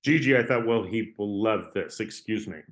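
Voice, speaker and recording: A man's voice: on the low side, moderate pace. A man, an artist guest on an interview podcast, telling stories in a chatty, rambling way, often checking in with "right?". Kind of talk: casual storytelling interview.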